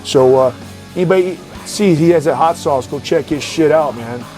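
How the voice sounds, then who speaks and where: A man's voice: on the high side, normal speed, darkish tone, faint music behind. A man hosting a podcast, telling a rambling, profane story in blunt casual talk. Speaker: podcast host.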